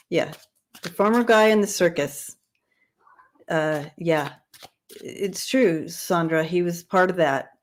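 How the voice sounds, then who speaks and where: A woman hosting a casual livestream reading who chats with viewers, laughs often and stumbles over long words she repeats to get right. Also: on the low side. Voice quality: dyslexia, repeats hard words. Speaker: livestream tarot reader.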